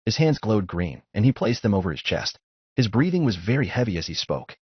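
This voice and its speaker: A man narrating a fan fiction story in a steady, descriptive audiobook style, on a dull lo-fi recording. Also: lowish voice, fairly quick, slightly rough, dry recording. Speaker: fanfiction narrator.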